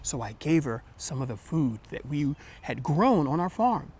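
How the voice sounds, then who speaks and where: A man's voice: a little high, very animated, measured pace, a little mellow, husky, heavily acted. A man voicing kind magic gourd children in a told folktale, speaking in an eager, earnest way.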